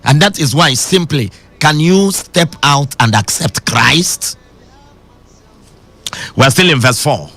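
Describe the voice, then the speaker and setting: Bright, lively preacher man. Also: a little high, no echo. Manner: emphatic preaching that swings between shouting and sing-song. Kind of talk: radio sermon.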